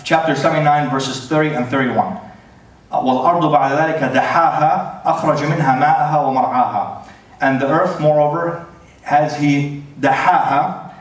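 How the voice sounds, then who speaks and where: Guy presenting in a big hall, lots of ums and restarts, super echoey and far from the mic. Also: mid-range voice. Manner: halting, many fillers and restarts. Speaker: debater giving an opening statement. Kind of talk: formal debate presentation. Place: large church hall.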